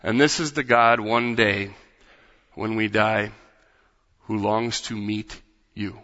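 A man's voice: fairly low pitch, fairly even intonation, slow pace. Male preacher in an echoing hall. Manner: builds to loud impassioned crescendos, repetitive rhythmic preaching. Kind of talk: sermon. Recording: dull sound with long hall reverb.

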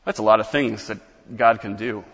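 A man's voice: fairly low pitch, moderate pace, a bit bright, slightly rough, long reverb tail, dull audio. A man preaching a sermon as pastor, explaining scripture in a conversational teaching manner with casual asides.

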